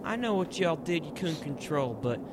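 A woman's voice: sits low, big pitch swings, moderate pace. A woman playing an earnest, hesitant storm victim scolding the hurricane. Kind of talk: improvised sketch comedy. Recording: noisy outdoor recording.

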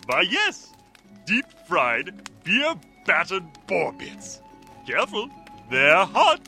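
A man's voice: high-pitched, huge pitch swings, slow pace, pushed and bright, faint music behind, exaggerated voice. A man voicing a hearty middle-aged Viking innkeeper in a comedy radio play, eager and hospitable.

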